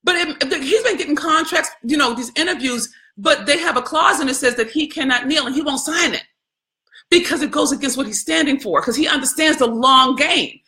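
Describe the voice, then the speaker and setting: A woman delivers impassioned live-stream commentary in a bright, forceful voice that sits a little high. She talks to her viewers in colloquial, preachy bursts. She also reads their comments aloud between points. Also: fairly quick. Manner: colloquial, addresses viewers as y'all. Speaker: host of a live video.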